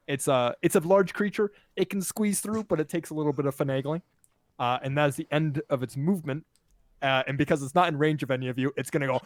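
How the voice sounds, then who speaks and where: A man's voice: medium pitch, no echo. A man running a tabletop game as game master, casually counting out moves and rulings. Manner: casual, counts out movement step by step.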